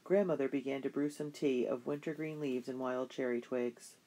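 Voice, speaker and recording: A middle-pitched voice reads a children's historical novel aloud. The delivery is steady, like a bedtime story, with only light voicing for the characters. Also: normal speed. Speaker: narrator. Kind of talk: audiobook narration of a children's novel.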